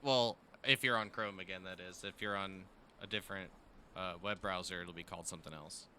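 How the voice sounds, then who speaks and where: A man's voice: low-pitched, fairly even intonation, fairly quick, bright, forceful tone, clear, resonant tone. A man running a tabletop game as game master over voice chat, hesitant and full of fillers, laughing easily.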